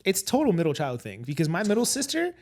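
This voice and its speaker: A man's voice: high-pitched, wildly swooping pitch, fast, darkish tone. A man as a rapper guest in a casual podcast chat, rambling through stories and acting out other people's voices. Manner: rambling storyteller, acts out quoted voices.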